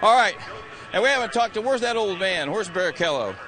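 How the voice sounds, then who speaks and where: Breathless and in his sixties, a pit reporter shouts greetings and jokingly teases drivers in live outdoor interviews on a racing grid. His voice is high-pitched and lively, quick-paced, with faint music behind him.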